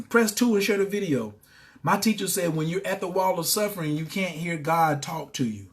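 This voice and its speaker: Guy with a high voice preaching self-help on a stream, keeps repeating himself. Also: fairly quick. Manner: preachy, repetitive, bursts into excited shouting. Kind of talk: motivational livestream talk.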